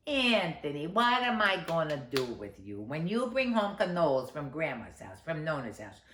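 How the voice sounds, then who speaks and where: A woman's voice: low-pitched, sing-song, normal speed, fairly bright tone. A woman voicing an exasperated mother who scolds her son and tells him what to do, recorded in a roomy space. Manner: exasperated, instructing. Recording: roomy echo.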